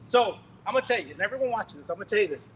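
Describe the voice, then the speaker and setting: A middle-aged male preacher telling a story in a sermon, animated and laughing, acting out scenes loudly. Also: sits high, very fast, a little hiss or hum, rough recording.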